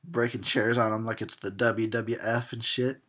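A man's voice: mid-range voice, little pitch movement, normal speed, sharp tone. A man giving a tipsy, sarcastic commentary on a horror film, laughing and swearing as he goes. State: tipsy from drinking.

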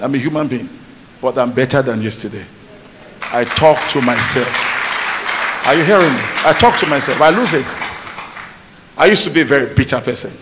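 This pastor's voice is mid-range with a fairly bright tone as he preaches emphatically, drawing call-and-response by asking if the congregation is listening. The sound carries the echo of a church hall and some faint noise.

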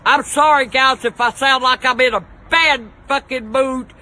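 A woman's voice: high-pitched, a little slow, pushed and bright, rough recording. An older woman, ranting in a foul-mouthed, cranky way through mock news and weather reports outdoors on a balcony. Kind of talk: profane comic rant to camera.

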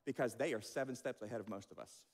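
A man preaching a sermon as pastor, animated and acting out quotes. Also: medium pitch, quick pace, in a large hall. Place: church sanctuary.

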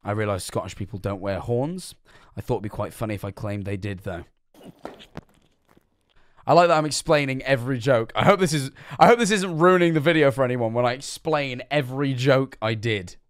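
Swearing, rambling young streamer, dry mic. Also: male voice, medium pitch, brisk, no echo. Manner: rambling, swears, explains his own jokes. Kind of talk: live-stream reaction commentary.

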